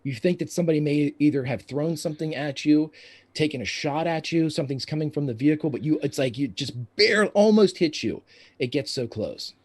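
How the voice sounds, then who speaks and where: A man running a tabletop role-playing game, describing scenes in a halting, descriptive way. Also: fairly high pitch, animated, a little mellow. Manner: descriptive, halting narration with restarts. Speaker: game master.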